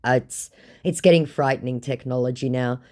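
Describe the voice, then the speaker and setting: A woman's voice: a bass voice, moderate pace, a little mellow. An Australian woman casually recounting a story in a blunt, sarcastic way, swearing freely. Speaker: scam-baiting channel host.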